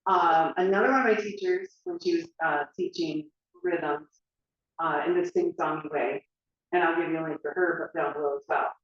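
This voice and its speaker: A woman's voice: low-pitched, steady tone, normal speed, distant mic. A woman teaching dance, talking casually with lots of fillers and everyday examples. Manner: chatty, filler-heavy, explains with examples. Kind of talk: casual instructional talk. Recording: echoey room, dull lo-fi sound.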